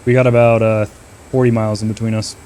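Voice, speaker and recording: A man's voice: lowish voice, little pitch movement, quick pace, mellow, a little hiss or hum. A man streaming a flight simulator, trading loose, profane banter with his chat and making short radio calls to teammates.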